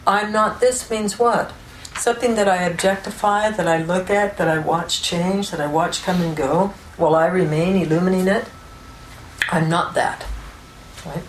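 A woman giving an unscripted spiritual teaching, explaining ideas calmly and often checking in with "right?" and "you know". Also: on the low side, moderate pace. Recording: roomy echo with faint background noise.

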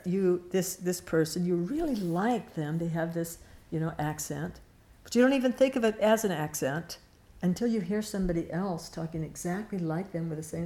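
A woman's voice: fairly low pitch, creaky, dark tone. A middle-aged woman giving a conversational spiritual teaching talk, often restarting and repeating her words. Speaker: Vedanta teacher.

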